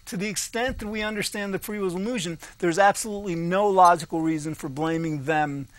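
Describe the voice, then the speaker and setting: A man's voice: sits high, brisk, dry recording. A man co-hosting a casual discussion show, explaining his ideas in a rambling way with frequent laughs. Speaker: co-host.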